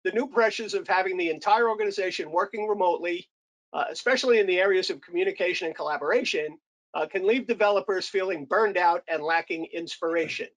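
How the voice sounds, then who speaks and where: A man's voice: high voice, fast, fairly bright tone, low-quality recording. A man, an editor, gives a formal, scripted introduction as host of a webinar. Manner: formal, announcer-like.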